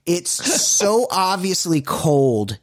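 Animated, profane male podcast co-host. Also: high voice, very slow, no echo, clean studio sound. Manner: animated, profane, exasperated storytelling. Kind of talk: casual chat.

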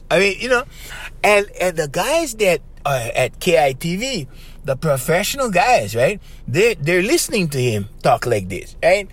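A man with a Hawaiian Pidgin-tinged accent, hosting a podcast and telling a story in a casual monologue, animated and always saying "bro" and "right?". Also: fairly high pitch. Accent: Hawaiian Pidgin-tinged English. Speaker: podcast host.

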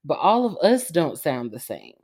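A woman co-hosting a casual group chat, animated and quick to laugh and exclaim. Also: low voice, slightly rough. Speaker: podcast co-host.

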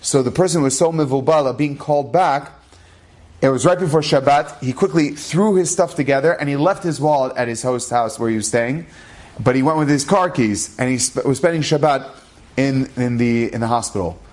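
Male storyteller, animated, voices the people in his tale, mid-pitched everyday voice. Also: normal speed. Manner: animated, acts out the characters' lines. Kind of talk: spoken storytelling.

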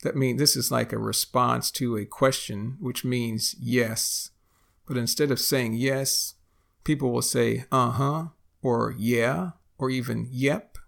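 A man from Texas with a Texan accent, teaching English phrases slowly and deliberately, repeating each example. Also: mid-range voice, fairly even intonation, creaky. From Texas, United States. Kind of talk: explaining lesson.

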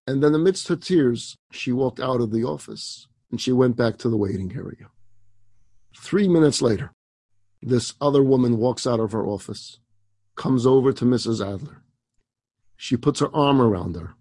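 A man's voice: medium pitch, moderate pace, darkish tone, no echo. A man, a rabbi, telling an inspirational story dramatically, with emphatic asides and rhetorical questions.

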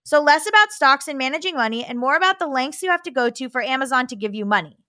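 A woman co-hosting a podcast, reading a listener's letter aloud in a steady voice and chatting casually, laughing now and then. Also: high voice, quick pace, dry recording, clean studio sound. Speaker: podcast co-host.

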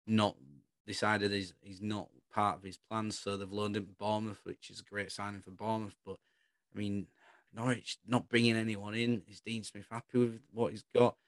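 A man with a fairly low voice rambles through his football opinions in a relaxed, casual chat. The recording is close and dry, with no room sound around him. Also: dry recording. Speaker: football podcast co-host.

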